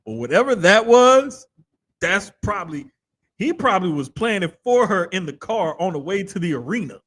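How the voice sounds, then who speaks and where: A podcast co-host in casual sports chat, talking in an animated, slangy way. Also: male voice, sits high, moderate pace. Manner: animated, slangy, talks of having to control his accent on radio.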